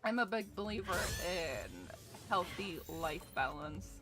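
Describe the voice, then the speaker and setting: A woman's voice: on the low side, lively intonation, measured pace, over music. A young Scottish woman streaming a game, joking and swearing as she chats with her viewers. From Scotland. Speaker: gaming streamer. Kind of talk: casual game commentary with chat.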